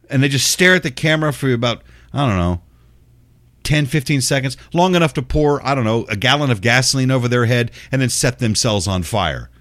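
A man's voice: on the high side, fairly bright tone, no room sound, studio quality. A middle-aged man hosting a show, delivering a profane, sarcastic, exasperated ranting monologue. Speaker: show host.

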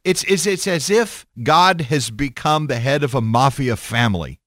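A man giving an irreverent, sarcastic rant, animated and stammering as he goes. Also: a little high, unhurried, no room sound, clean studio sound. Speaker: commentator.

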